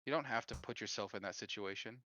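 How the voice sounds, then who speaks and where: A man voicing Kelvin, a cautious male companion, speaking earnestly and gently insisting. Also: fairly low pitch, quick pace, slight background noise. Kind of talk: tabletop role-play.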